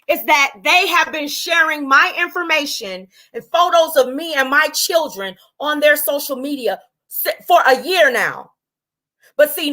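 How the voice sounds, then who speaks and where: A woman with a high voice hosts a livestream and tears into a rival. She is combative and profane, dragging some words out and rushing others. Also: pushed and bright. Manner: combative, profane, drawn out then rushed. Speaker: livestream host. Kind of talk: angry livestream rant.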